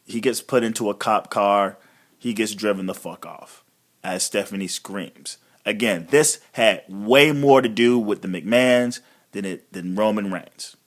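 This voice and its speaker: A man's voice: on the low side, a little slow. A man giving a casual, rambling recap of a wrestling show, blunt and swearing freely. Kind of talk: casual profane recap monologue.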